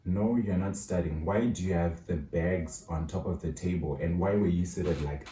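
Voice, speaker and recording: Stern scolding school principal, as a man retells him, low voice, echoey room, distant mic. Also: normal speed, mellow, slight background noise, natural voice. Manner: scolding, demanding. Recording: roomy echo, mic at a distance.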